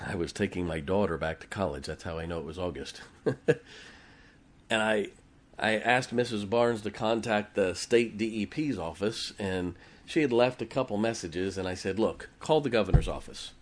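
A man's voice: lowish voice, moderate pace. A man, a pastor, preaching a sermon in a folksy storytelling way, acting out quoted conversations.

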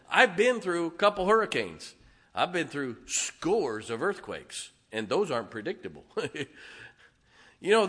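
A man's voice: fairly high pitch, fairly bright tone. A man preaching a sermon in a folksy, joking and emphatic way.

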